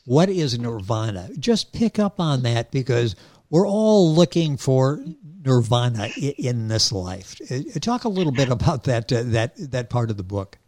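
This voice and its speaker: A man's voice: mid-range voice, very animated, a little slow, darkish tone. A man hosting an interview, enthusiastic and repeating words as he restarts his questions. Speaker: interview host.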